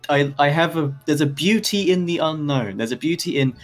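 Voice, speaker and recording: A man's voice: fairly high pitch, moderate pace, soft background music. A man in a voice chat who talks earnestly and rambles a little, restarting his sentences. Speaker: voice chat participant. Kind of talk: casual debate chat.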